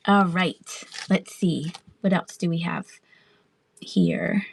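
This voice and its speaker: A woman hosting a casual live-stream sale, chatty and quick to laugh as she answers the chat. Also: fairly low pitch, gravelly, a little hiss or hum. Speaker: online live-auction seller.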